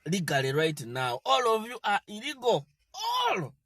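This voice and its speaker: A man's voice: high voice, sing-song, moderate pace, fairly bright tone, no room sound. A man ranting about politics, scolding and mocking his targets in a defiant tone. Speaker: political commentator. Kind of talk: animated political rant.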